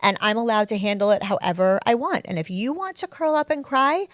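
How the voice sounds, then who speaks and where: A woman in her forties, a guest author chatting in an interview, candid and self-deprecating, telling stories with lively energy. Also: fairly high pitch, brisk, dry recording. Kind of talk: casual interview chat.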